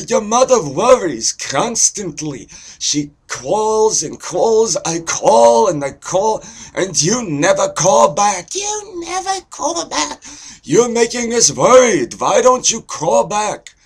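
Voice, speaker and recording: A man voicing fretting parents who nag their son to call home, in a high shrill voice. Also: breathy edge, exaggerated voice.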